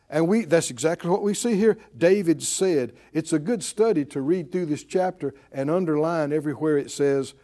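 Animated preacher man, lively high voice. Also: fairly quick, few pauses. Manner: animated storytelling, acting out voices. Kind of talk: sermon.

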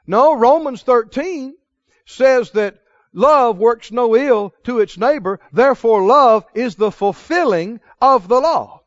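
A man's voice: extremely high pitch, animated, slow pace, no echo, lo-fi sound. A man preaching a sermon, asking the congregation questions and repeating answers for them to call back. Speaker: pastor.

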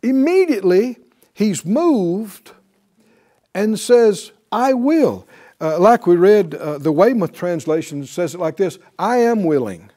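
A man's voice: high voice, lively intonation, warm tone. Fervent man teaching a Bible class. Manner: fervent, exclaims hallelujah, quick laughs. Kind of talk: preaching-style Bible class.

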